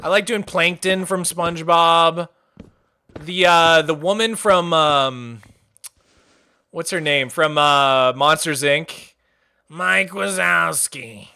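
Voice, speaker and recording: A man's voice: on the high side, takes it slowly, gravelly, pushed and bright, smooth. A man chatting casually on a livestream, chatty and enthusiastic, rambling as he goes. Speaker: streamer.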